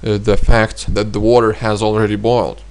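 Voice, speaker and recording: A man's voice: fairly low pitch, level tone, a little mellow. Guy teaching words, lots of uhs, repeats each word twice. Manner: explains slowly, repeats words twice, many hesitations. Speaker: language teacher. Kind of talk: spoken vocabulary lesson.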